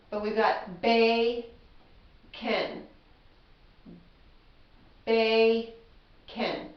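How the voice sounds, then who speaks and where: Chatty woman teaching spelling, echoey room. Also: a little high. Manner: chatty, self-deprecating, sounds out words slowly. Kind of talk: casual spelling lesson at a whiteboard. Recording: echoey room, slightly dull audio.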